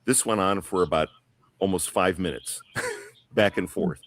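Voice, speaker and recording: A man's voice: sits low, huge pitch swings, unhurried, fairly bright tone, no room sound. A man telling a long story on a podcast panel in a casual, rambling way, full of fillers and restarts. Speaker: guest.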